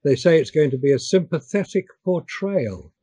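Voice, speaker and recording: An older man chatting on a discussion call, pausing and repeating words as he talks. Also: fairly high pitch, animated, warm tone, husky, no room sound, poor audio. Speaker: guest. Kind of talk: casual chat.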